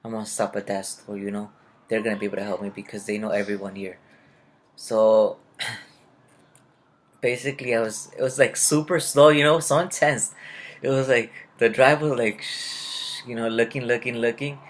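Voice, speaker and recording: A man's voice: medium pitch, fairly even intonation, moderate pace, pauses often. Rambling young man telling a story. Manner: chatty and restless, full of fillers and self-corrections. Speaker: vlogger. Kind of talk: rambling personal storytelling to camera.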